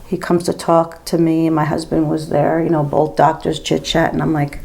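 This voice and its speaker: A woman's voice: low voice, level tone, moderate pace, vocal fry, darkish tone, slight background noise. A woman in her fifties chatting casually to her camera as she does her makeup, telling a rambling story with lots of "girl" and "like.". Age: 50s. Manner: gossipy, rambling, says girl and like a lot. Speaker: makeup vlogger and nurse.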